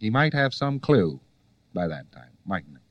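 A man's voice: mid-range voice, sing-song, measured pace, no room sound, lo-fi sound. A man giving a conversational lecture to students, full of rhetorical questions and wry asides.

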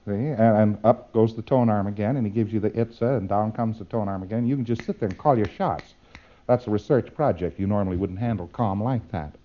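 A man's voice: fairly low pitch, fairly quick, highs cut off. A man giving a demonstrative lecture, acting out exchanges with playful repetition.

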